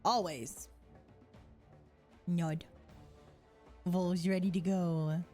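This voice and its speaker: A woman voicing a gruff male pirate with a put-on rough accent, reading game lines aloud. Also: on the low side, fairly even intonation, extremely slow, a little mellow, soft background music, voice pushed down.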